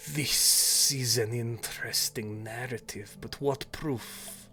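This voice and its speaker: A man voicing a curious, cautious male naga leader who speaks in slow, measured questions. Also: medium pitch, fairly even intonation, pushed and bright, faint music behind. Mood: probing.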